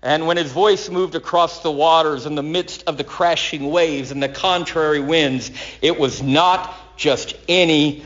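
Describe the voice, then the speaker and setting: High-pitched preacher guy, sermon, goes loud then hushed, kinda muffled podcast audio. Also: steady tone, unhurried. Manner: dramatic, swings from loud to hushed.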